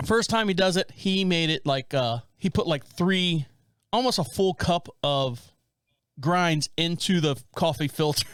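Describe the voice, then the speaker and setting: A man's voice: high voice, slow, no room sound, studio quality. A man in his forties co-hosting a podcast, telling a long story with lots of restarts. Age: 40s. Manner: rambling, animated storytelling with frequent restarts. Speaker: podcast co-host. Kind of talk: casual storytelling chat.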